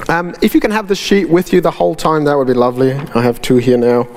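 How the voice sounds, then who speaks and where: A man preaching a sermon in church, telling stories in a lively way with frequent ums. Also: a little high, quick pace, long reverb tail.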